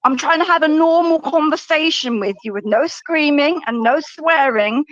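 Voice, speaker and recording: Confrontational woman on a panel, high voice, dull lo-fi stream audio, dry and close. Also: normal speed, fairly bright tone, no echo. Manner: confrontational, scolding. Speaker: panel speaker in a played clip. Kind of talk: heated argument.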